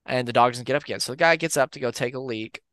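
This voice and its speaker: A man tells urban legends as a podcast co-host, easygoing and rambling. His voice is smooth and clear, sitting in the middle range for a man. The recording is close and dry, with no room sound. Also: medium pitch, racing, no room sound. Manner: relaxed, rambling with fillers and restarts. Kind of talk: casual storytelling of urban legends.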